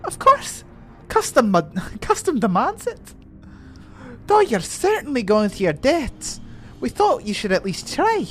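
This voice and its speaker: A streamer putting on a British accent to voice a mischievous pixie while reading game dialogue aloud. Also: male voice, extremely high pitch, huge pitch swings, a little slow, soft background music, voice pushed up, heavily acted. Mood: teasing. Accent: put-on British. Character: playful mischievous pixie, high fairy voice.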